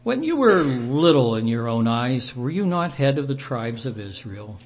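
A man voicing a stern prophet who rebukes a king with loud, declaiming questions in a Bible lesson. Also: medium pitch, very animated, normal speed, husky. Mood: rebuking.

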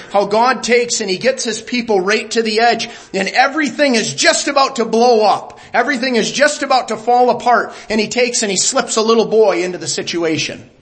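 A man preaching a sermon, emphatic, dropping to a hush and rising again. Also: very high-pitched. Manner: emphatic, drops to a hush then rises.

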